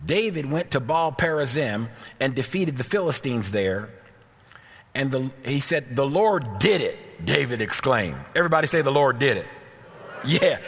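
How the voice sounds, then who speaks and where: Male preacher, evening service; husky tone, rhythmic repeating cadence; reverberant sanctuary. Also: medium pitch, lively intonation, normal speed, a bit bright. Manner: fervent, repetitive preaching cadence. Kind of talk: evening church sermon. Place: church sanctuary. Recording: long reverb of a church hall.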